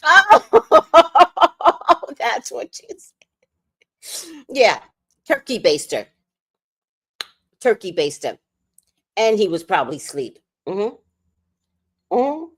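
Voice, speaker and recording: A woman's voice: mid-range voice, big pitch swings, slow pace, long pauses, slightly rough. A woman hosting a casual late-night livestream, talking profanely, laughing often and reading viewer comments aloud. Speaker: livestream host.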